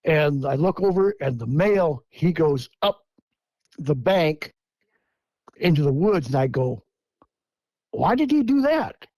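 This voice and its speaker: A man's voice: a little high, warm tone, dry recording. A man in his seventies from Washington State, a guest telling his story step by step and acting out the lines he quotes. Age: 70s. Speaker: guest eyewitness. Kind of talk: first-person storytelling.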